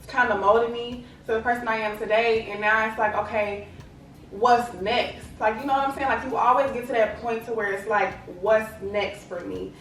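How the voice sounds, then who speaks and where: A woman's voice: a little high, steady tone, moderate pace, fairly bright tone, slight background noise. A young woman from Texas, chatting casually to camera as a vlogger and filling her talk with "like" and "you know what I'm saying". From Lubbock, Texas. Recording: echoey room, distant mic, faint ambience.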